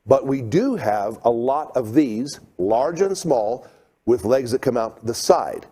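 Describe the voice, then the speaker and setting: A middle-aged man giving a seminar talk, telling stories with lively acted-out moments. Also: mid-range voice, takes it slowly, slightly rough. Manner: animated storyteller, acts out scenes. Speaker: creation seminar speaker.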